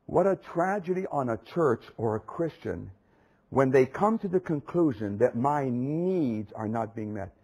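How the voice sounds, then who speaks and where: Husky-voiced male preacher, impassioned. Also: mid-range voice, animated, a little slow, a little mellow, rough recording. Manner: impassioned, emphatic repetition. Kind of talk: sermon.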